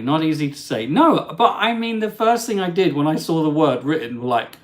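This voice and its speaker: A man hosting a casual live travel stream, chatting and reading viewer comments aloud in an animated way. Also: fairly high pitch, moderate pace. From England.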